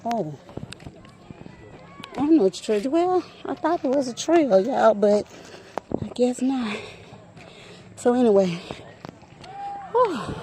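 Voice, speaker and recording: A woman's voice: fairly high pitch, slow, long pauses, mellow, slight background noise. A woman chatting casually to her viewers while walking a nature trail outdoors, out of breath and talking into a handheld phone. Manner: chatty, keeps addressing viewers as y'all. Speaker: vlogger.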